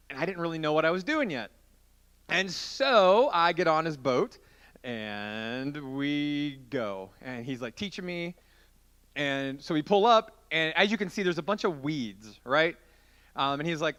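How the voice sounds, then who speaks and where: A man preaching to a youth group, telling a long story in a chatty, animated way and acting out the scenes as he goes. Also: fairly high pitch, measured pace, clear, resonant tone. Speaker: youth pastor.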